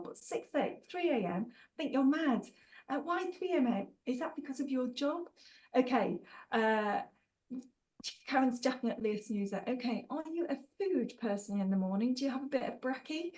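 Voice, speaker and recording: A woman's voice: high voice, expressive, moderate pace, a little mellow, rough recording. Bubbly woman hosting a webinar. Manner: bubbly and playful, laughs often, teasing asides. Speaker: trainer hosting an online workshop. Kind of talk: chatty live webinar, reading out chat replies.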